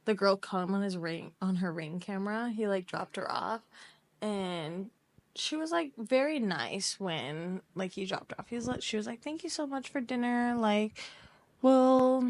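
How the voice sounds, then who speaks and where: A woman's voice: medium pitch, normal speed, dry recording. A young woman in her twenties co-hosting a podcast, chatting casually and acting out the people in her stories with lots of laughter. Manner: animated storytelling, acts out quoted people, laughs often. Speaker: podcast co-host. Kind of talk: casual chat.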